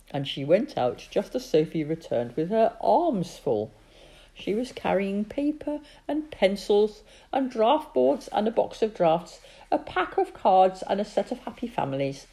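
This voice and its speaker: A woman reading a children's story aloud in an expressive, lively way. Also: mid-range voice, measured pace. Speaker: narrator.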